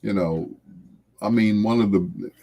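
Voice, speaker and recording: A man hosting a late-night radio show, talking in a slow, reflective, heartfelt way and trailing off softly. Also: fairly low pitch, vocal fry. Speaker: radio host.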